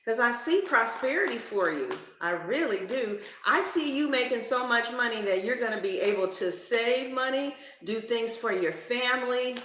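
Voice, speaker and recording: A woman's voice: fairly high pitch, expressive, normal speed, few pauses, a bit bright, a little hiss or hum. A woman reading tarot cards in a casual, slangy, profane way. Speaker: tarot reader. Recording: roomy echo.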